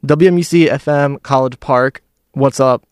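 A man's voice: mid-range voice, normal speed, smooth, no room sound. A young man hosting a college radio show, chatting loosely and joking at his own expense into a studio mic. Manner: joking, loose, self-deprecating. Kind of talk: casual radio chat.

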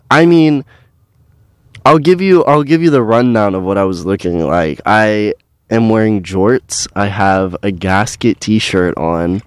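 A young man co-hosting a college radio show in a low, smooth, resonant voice. He talks casually and tells his stories with animated indignation. The sound is close and dry, with no room echo. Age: young adult. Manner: chatty, animated storytelling with rising indignation. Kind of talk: casual chat.

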